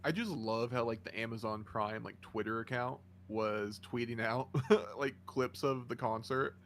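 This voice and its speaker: A young man co-hosting a podcast in casual chat, easygoing and quick to laugh. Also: mid-range voice, a bit bright, a little hiss or hum. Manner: laughs often, easygoing agreement. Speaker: podcast co-host.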